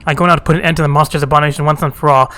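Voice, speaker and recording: A man's voice: fairly high pitch, fairly even intonation, racing, pushed and bright, smooth. A man voicing a fierce, proud female huntress bent on vengeance, speaking in curt commands.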